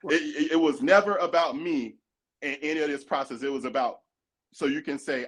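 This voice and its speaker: A man's voice: a little high, moderate pace, a bit bright. A man co-hosting a podcast, talking earnestly and emphatically in casual chat. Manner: earnest, emphatic, acts out quoted voices. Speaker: podcast co-host.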